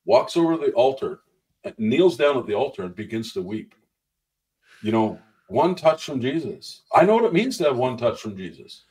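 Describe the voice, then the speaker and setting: A man in mid pitch tells church testimony stories in an easy, conversational way. He is animated and slips into the voices of the people in his anecdotes. His voice sits a little back from the microphone. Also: moderate pace, far from the mic, poor audio. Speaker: guest minister.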